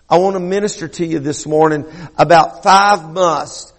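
A man's voice: on the high side, fairly even intonation, moderate pace, few pauses, big-room sound. A man preaching a sermon, earnest and often repeating himself as he builds a point. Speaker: pastor.

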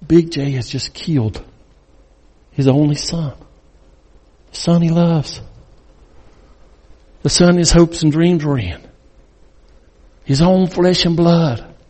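A man preaching as a guest speaker, telling a dramatic story that swings between loud and hushed. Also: on the high side, slow pace, pauses often, husky. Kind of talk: sermon storytelling. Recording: long reverb in a large hall.

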